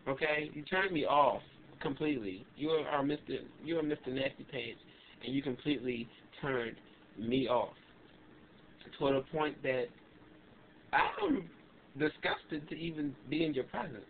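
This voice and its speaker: A young adult man vlogging, telling a story in an animated, emphatic and indignant way. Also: a little high, measured pace. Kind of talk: casual ranting storytelling. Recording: tinny lo-fi webcam audio with faint hiss.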